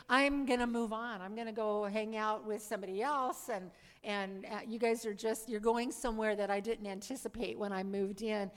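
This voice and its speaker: A woman giving a lively testimony talk to a live audience, acting out her own past lines and asking the crowd questions. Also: a little high, fairly quick. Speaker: speaker giving a conversion testimony. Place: church or meeting hall. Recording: long hall reverb.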